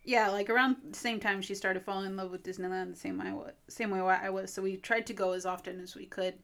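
A woman's voice: medium pitch, steady tone, quick pace, vocal fry, a bit bright. Rambling woman chatting casually. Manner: rambling, many fillers. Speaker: podcast co-host. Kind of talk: casual chat.

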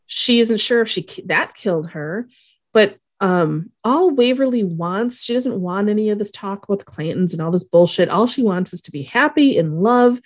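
Lively, expressive woman podcast co-host. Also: mid-range voice, moderate pace, dry recording, clean studio sound. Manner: lively storytelling, playful and laughing. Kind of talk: casual chat.

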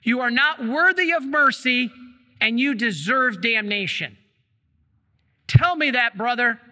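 A man voicing a humble male saint who insists that a friar call him a sinner, speaking higher and louder than his own voice. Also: expressive, a little slow, in a large hall, heavily acted. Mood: insistent. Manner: insistent, urgent. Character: pleading humble male saint, middle-aged.

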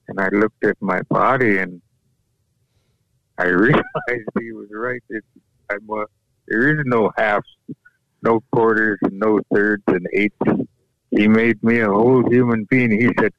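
Gravelly low-voiced man telling a story. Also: fairly even intonation, no echo. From Alaska. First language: Yup'ik. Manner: unhurried, halting, with frequent restarts. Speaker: guest sharing a personal story. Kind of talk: reflective personal storytelling. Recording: dull lo-fi dry recording.

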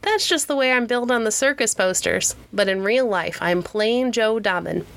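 A woman's voice: a little high, animated, normal speed, vocal fry, a bit bright. A friendly, lean circus lion man, as a woman reads him, hearty and easygoing in his greetings. The storybook voice stays light and unforced.

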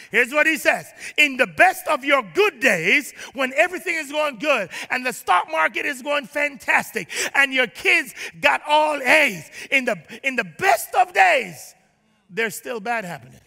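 A male pastor preaching a sermon in a church, emphatic, rising to shouts and dropping to low asides, calling on the congregation to respond. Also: expressive, measured pace, vocal fry, big-room sound. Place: church sanctuary.

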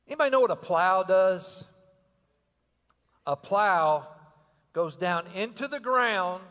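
Older guy preaching, high voice, big echoey church hall, punchy and rhythmic. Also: a little slow, pauses often. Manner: energetic, rhythmic, asks the crowd questions. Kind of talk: sermon. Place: church sanctuary.

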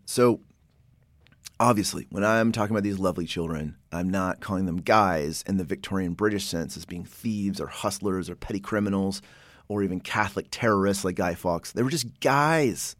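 A podcast host from Oklahoma, speaking in a lowish voice, presents a casual explainer on word histories. He's chatty and wanders off on tangents, frequently restarting and correcting himself. The sound is clean studio audio with no echo.

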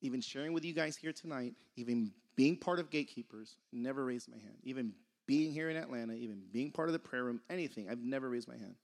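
A man's voice: mid-range voice, quick pace, few pauses. A young man giving a casual sermon, conversational and laughing often, sometimes losing his train of thought. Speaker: preacher.

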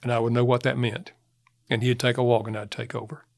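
A man's voice: mid-range voice, little pitch movement, fairly quick, gravelly. Chuckling man telling anecdotes. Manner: anecdotal, chuckles often, acts out quotes. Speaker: guest author on relationships. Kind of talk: conversational interview talk.

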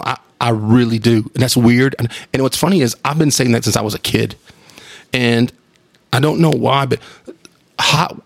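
Gravelly man rambling. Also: medium pitch, no room sound. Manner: rambling, enthusiastic, casually profane. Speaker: podcast host. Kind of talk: casual solo monologue.

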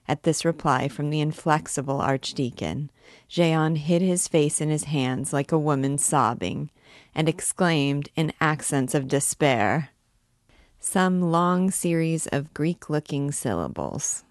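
A woman reads a classic novel aloud, guiding listeners through it. Her voice sits low and her telling is clear and even. The recording is close and dry, with no echo. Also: measured pace. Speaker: book reader and guide.

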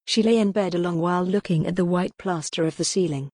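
A woman narrating a gothic novel in an even, steady storytelling voice. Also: lowish voice, fast, no echo, studio quality. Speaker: audiobook narrator.

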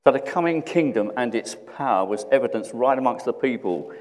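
A man preaching a sermon in a reflective way, often repeating questions and dropping to a hush. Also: medium pitch, lively intonation, a little fast, in a large hall.

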